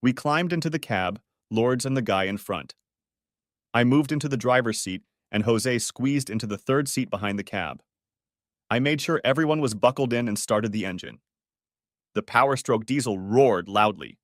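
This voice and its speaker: A man narrating a first-person audiobook story in a steady storytelling manner. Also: medium pitch, moderate pace, no room sound, clean studio sound.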